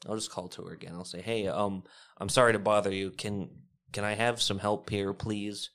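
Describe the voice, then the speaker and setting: A man playing in a tabletop game with a very deep voice. He talks hesitantly and stammers through his lines. He often restarts his sentences. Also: flat delivery, moderate pace, a bit bright. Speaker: player. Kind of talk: tabletop game role-play.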